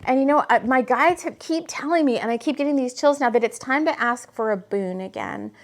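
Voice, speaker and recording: Speaking briskly in a high voice, a woman at home channels spiritual messages and reads tarot cards to the camera. Her casual talk is earnest and meandering, turning emotional, and it's captured on the camera mic.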